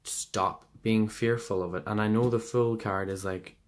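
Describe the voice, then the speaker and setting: A man's voice: on the low side, fairly even intonation, a little slow. A man giving a casual pick-a-card tarot reading, rambling and hesitant, with many fillers and restarts. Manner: rambling and hesitant, full of fillers and self-corrections.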